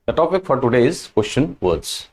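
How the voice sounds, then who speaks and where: A man teaching French question words in a slow, patient lesson, repeating each word and example. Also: mid-range voice, big pitch swings, darkish tone, breathy edge. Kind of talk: language lesson.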